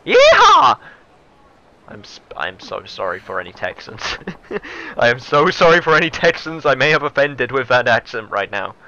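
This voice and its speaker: A man narrating his gameplay casually, quick to mock his own efforts. His tone is bright and forward. The recording is dull and lo-fi with a faint noise floor. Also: medium pitch, expressive. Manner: self-deprecating, laughing asides. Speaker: let's play gamer.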